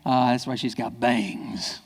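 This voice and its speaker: A man giving a lively keynote speech to parents, acting out quoted kids and parents in high voices. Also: takes it slowly, breathy edge. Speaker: keynote speaker. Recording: hall reverb.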